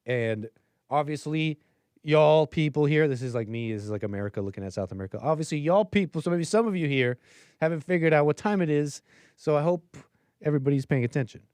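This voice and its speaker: A man's voice: fairly high pitch, lively intonation, brisk, darkish tone, smooth, no echo. A man hosting a livestream, talking through his opinions in a rambling, filler-heavy way. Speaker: livestream host. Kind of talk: casual livestream commentary.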